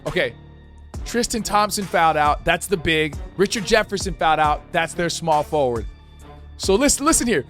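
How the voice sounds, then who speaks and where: Man, high voice, gaming play-by-play, excitable, slangy, faint music behind. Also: normal speed. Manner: hyped, slangy, shouts at big plays. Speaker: gaming YouTuber. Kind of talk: playful sportscaster-style play-by-play over a video game.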